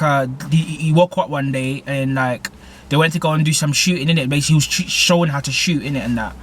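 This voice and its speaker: A man's voice: on the high side, fairly bright tone, a little hiss or hum. A man rambling through a film's plot in heavy slang, full of fillers. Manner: rambling, heavy slang, repeats "basically" and "innit". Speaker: movie reviewer. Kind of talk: casual film plot recap.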